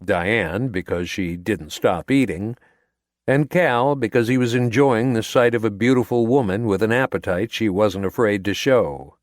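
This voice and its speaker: A male audiobook narrator with a somewhat low voice, reading at an unhurried, deliberate pace. His delivery is measured and steady. The recording is dry and close, as from a voice-over booth. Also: no echo. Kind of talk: scripted narration.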